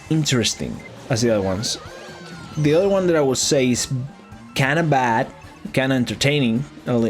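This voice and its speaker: A man chatting loosely while playing a game, swearing freely, stumbling over words and laughing often. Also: medium pitch. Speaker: gaming vlogger reviewing a movie. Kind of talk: casual rambling commentary while gaming.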